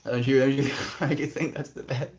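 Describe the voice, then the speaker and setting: A man talking casually to his livestream audience from a quiet outdoor spot. He reads viewers' messages aloud and mulls them over, thoughtful and easygoing. His pitch sits in an ordinary middle range. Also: flat delivery, moderate pace. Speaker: livestreamer reading chat.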